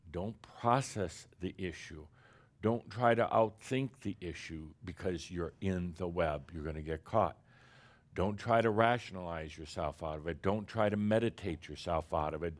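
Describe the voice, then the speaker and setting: His voice sits low as he acts the part of a spiritual teacher, channeling an entity and greeting the audience as "dear human." The playful, theatrical style lurches from loud, emphatic outbursts to soft, drawn-out phrasing.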